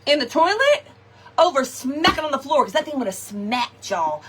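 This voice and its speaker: A woman telling a funny personal story to her viewers in a chatty, animated way, tossing in "y'all" and "okay" often. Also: sits high, moderate pace, background noise. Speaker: craft shop host.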